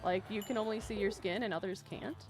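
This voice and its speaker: A woman's voice: medium pitch, fairly quick, a little mellow. A woman hosting a casual live stream, chatting and reading viewer messages aloud in a bubbly, rambling way, laughing often. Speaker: live-stream gaming host. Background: faint background music.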